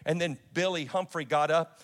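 Impassioned high-voiced preacher in reverberant hall. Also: male voice, normal speed. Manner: impassioned storytelling, swinging from shouts to hushed tones. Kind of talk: sermon.

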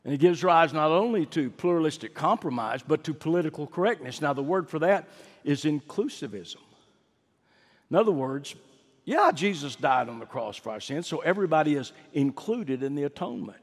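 Male pastor, high-ish voice, dramatic sermon delivery that rises and falls, long church reverb. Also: animated, a little fast. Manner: dramatic preaching, swinging between loud emphatic peaks and low murmurs.

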